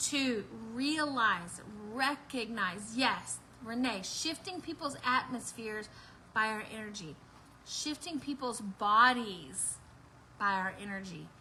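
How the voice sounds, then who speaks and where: A woman's voice: high voice, pushed and bright, slight background noise, poor audio. A woman hosting a live online prayer meeting, bubbly and laughing as she preaches and talks straight to her viewers. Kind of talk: excited livestream preaching and chat.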